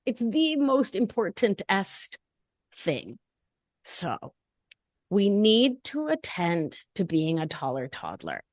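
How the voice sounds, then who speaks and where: Lively, animated woman in a dry podcast recording. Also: mid-range voice, slow, no room sound. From not from Long Island. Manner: animated, playful, emphatic explaining. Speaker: guest, nurse practitioner and life coach. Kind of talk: conversational podcast interview.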